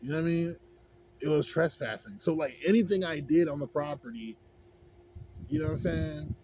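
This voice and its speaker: A man's voice: fairly high pitch, moderate pace, a little mellow. A man in a casual, rambling rant, heavy on swearing and on "you know what I'm saying". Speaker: vlogger. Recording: dull lo-fi with faint background noise.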